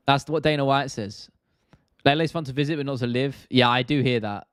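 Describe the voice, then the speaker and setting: Brief: casual young British live streamer, slangy, dry close mic. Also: male voice, medium pitch, fairly quick, no echo. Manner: laid-back, rambling, slangy. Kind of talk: casual live stream chat reading viewer questions.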